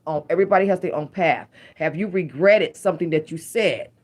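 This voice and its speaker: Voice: mid-range voice, fairly quick. A middle-aged tarot reader giving a casual, emphatic reading to viewers, full of rhyming catchphrases.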